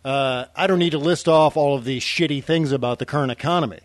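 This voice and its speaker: A man's voice: on the high side, quick pace, no echo. A man co-hosting a podcast in casual chat, laughing easily and restarting his sentences with lots of "uh"s. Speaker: podcast co-host.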